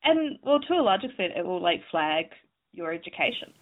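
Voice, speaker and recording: A woman's voice: on the low side, sing-song, normal speed. A woman from New Zealand in casual conversation, chatty and full of fillers. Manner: chatty, many fillers and likes. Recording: tinny phone-like line.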